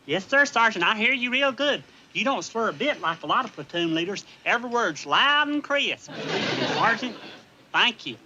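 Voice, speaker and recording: An actor playing a naive, cheerful young Marine private with a folksy Southern drawl, polite and earnest, in a 1960s TV sitcom. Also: male voice, high voice, very animated, moderate pace, lo-fi sound, noisy background. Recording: TV soundtrack with laugh track and music.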